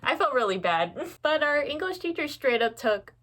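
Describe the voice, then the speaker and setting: A young woman in her twenties chats at home about her books, her voice sitting a little high. She is candid and self-mocking, laughs often and lets the odd swear slip. It is recorded on her phone beside her shelves. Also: very animated, moderate pace, fairly bright tone. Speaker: book vlogger. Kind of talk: casual chatty vlog. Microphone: phone camera.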